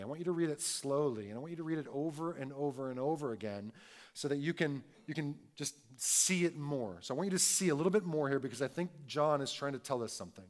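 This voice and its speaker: A man preaching a sermon in a slightly higher-than-average voice. He talks to his congregation conversationally, checking in with quick tag questions. He swings between loud, emphatic stresses and hushed, slow reflection. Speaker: pastor.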